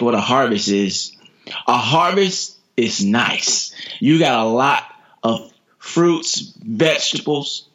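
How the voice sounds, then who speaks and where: An American man in his thirties, a sprinter telling motivational stories as a podcast guest, energetic, repeating his words and laughing often. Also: mid-range voice. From United States. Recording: dull lo-fi podcast audio.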